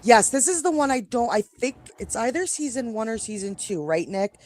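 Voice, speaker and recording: A woman's voice: fairly high pitch, expressive, normal speed, a little mellow. A woman with a New York accent co-hosting a casual live stream, chatty and rambling, often breaking off mid-sentence. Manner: chatty, rambling, self-interrupting. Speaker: co-host.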